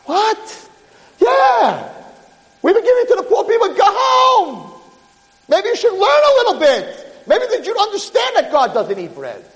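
A man voicing a furious older male rabbi who shouts scornfully at a peasant. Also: very high-pitched, huge pitch swings, drawn-out words, pitched above the performer's own voice, exaggerated voice. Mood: furious scolding. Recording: long hall reverb.

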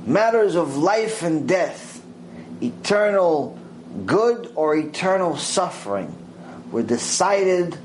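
A man giving a mussar lecture, telling a story with lively acted-out voices. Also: slight background noise, poor audio. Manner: animated storytelling, acts out quoted voices with big pitch swings. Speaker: Torah teacher.

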